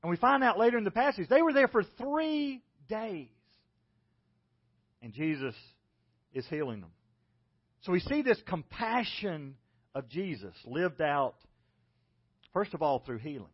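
Southern man preaching, high voice. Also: very animated, measured pace, pauses often, breathy edge, highs cut off. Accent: Southern American. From South Carolina, United States. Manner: folksy storytelling with self-deprecating humor. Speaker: pastor. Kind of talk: sermon.

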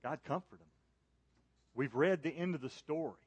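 A man preaching a sermon to a church congregation, rising to loud, high emphasis on key points and falling soft and low in prayer. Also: normal speed, slightly rough, dry recording. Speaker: pastor. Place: church service.

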